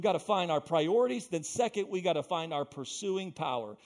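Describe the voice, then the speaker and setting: A young adult man preaching a sermon as pastor, telling stories with loud bursts and quiet asides. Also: a little high, moderate pace, hardly any pauses. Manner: animated storytelling, swinging between loud bursts and quiet asides.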